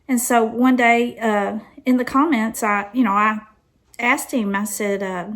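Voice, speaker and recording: A woman's voice: a little high, steady tone, a little slow. A woman, hosting her channel, chatting loosely with lots of fillers and then reading a viewer's letter aloud. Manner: chatty, many fillers, laughs at herself. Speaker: channel host.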